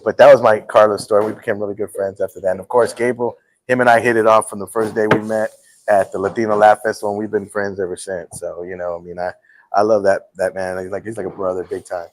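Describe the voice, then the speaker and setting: A middle-aged man with a fairly low-pitched voice speaks fast on a rough recording while hosting a casual talk show. His storytelling is animated, with quotes acted out amid laughter.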